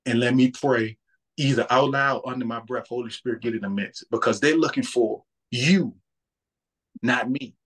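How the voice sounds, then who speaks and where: A man's voice: mid-range voice, moderate pace, fairly bright tone, slightly rough. A man, talking about faith in a casual, earnest way and often repeating words as he thinks. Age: 30s.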